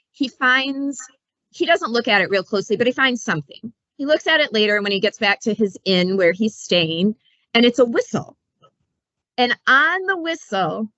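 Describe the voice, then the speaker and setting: A woman's voice: a little high, pushed and bright, no room sound, lo-fi sound. A woman librarian chatting casually about books, telling stories in a playful way with asides. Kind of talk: casual book talk.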